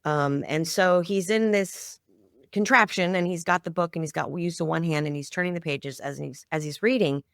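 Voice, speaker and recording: A woman's voice: on the low side, normal speed, vocal fry, fairly bright tone, no echo. A middle-aged woman, a guest on a podcast, telling a family story in a heartfelt, emotional way. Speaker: guest, founder of a children's music project. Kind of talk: conversational storytelling interview.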